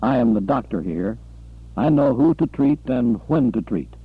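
A man voicing a calm, resolute male doctor who speaks quietly and firmly, in an audiobook. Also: mid-range voice, slightly rough, phone-quality sound. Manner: quiet, measured, firm.

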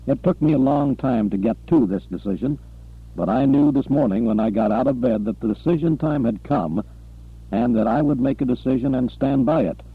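A man voicing a calm, resolute male doctor who speaks quietly and firmly, in an audiobook. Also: mid-range voice, slightly rough, phone-quality sound. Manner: quiet, measured, firm.

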